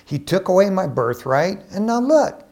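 A preacher reading as a pleading son. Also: male voice, high-pitched, big pitch swings, normal speed, darkish tone, pitched above the performer's own voice. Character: desperate grown son pleading with his father.

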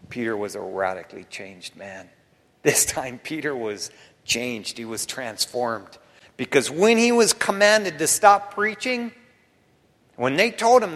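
Dramatic preacher man, long hall reverb. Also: medium pitch. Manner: dramatic, swinging from loud emphasis to near-whispers; casual slangy delivery. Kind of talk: sermon.

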